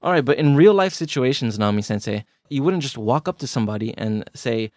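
A man's voice: medium pitch, animated, brisk, darkish tone, dry recording, clean studio sound. A man hosting a language lesson podcast, teasing his co-host and stretching words for emphasis. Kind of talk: playful language lesson banter.

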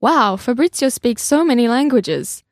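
A woman's voice: a little high, lively intonation, moderate pace, background noise. Chatty woman hosting a language lesson. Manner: chatty, explaining. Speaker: language podcast host. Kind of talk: casual lesson talk.

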